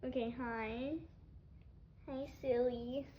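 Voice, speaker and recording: A woman's voice: on the high side, level tone, takes it slowly, slight background noise. A young woman filming her pet bird at home on a phone, cooing at him and giggling. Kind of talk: casual home vlog. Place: home kitchen, indoors. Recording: dull lo-fi sound.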